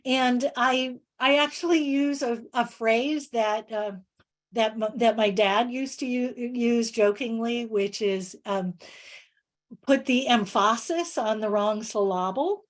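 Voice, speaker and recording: Slow, halting woman presenter. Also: a little high. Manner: halting, many fillers and restarts; explains with word examples. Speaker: presenter on reading instruction. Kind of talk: webinar presentation with Q&A.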